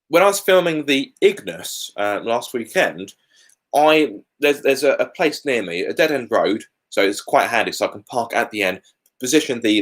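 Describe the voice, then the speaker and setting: A man's voice: fairly low pitch, fairly bright tone. A British man hosting a casual live Q&A from home, chatty and candid with colourful asides. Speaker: car YouTuber hosting a live Q&A.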